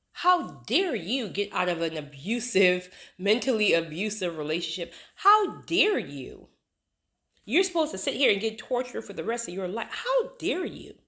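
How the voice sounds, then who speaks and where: A woman's voice: medium pitch, fairly bright tone. A woman hosting her own video channel, talking casually and emphatically to her subscribers, with lots of rhetorical repetition. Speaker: YouTube channel host. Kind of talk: casual vlog talk to subscribers.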